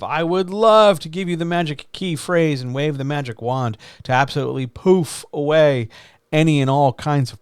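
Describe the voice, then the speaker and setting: A man's voice: mid-range voice, no room sound, studio quality. A man in his forties hosting a live stream, chatting in a conversational, self-deprecating way with lots of rhetorical questions. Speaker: streamer host. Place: small home studio. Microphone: studio microphone. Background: background music.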